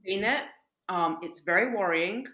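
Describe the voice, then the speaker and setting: A woman's voice: medium pitch, unhurried, sharp tone, roomy sound. A woman, a podcast guest who tells stories bluntly, swears freely and laughs often. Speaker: podcast guest, dating coach. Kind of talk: casual podcast conversation.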